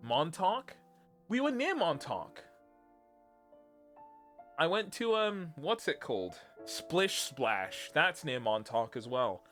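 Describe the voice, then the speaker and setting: British guy streaming, bouncy animated voice sitting a bit high, rambly and laughing a lot, faint music under. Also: slow, pauses often. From Britain. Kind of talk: casual chat.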